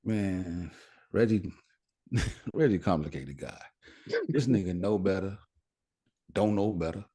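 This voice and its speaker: A man's voice: low-pitched, slow, dark tone, breathy edge. A man on a casual podcast panel, talking hesitantly with many fillers and chuckles.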